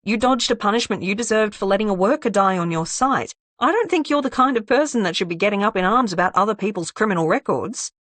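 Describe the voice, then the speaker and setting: A woman's voice: mid-range voice, animated, fast, few pauses, fairly bright tone, no echo. Woman voicing a blunt, heated tough woman. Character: tough, blunt young woman, angry streak.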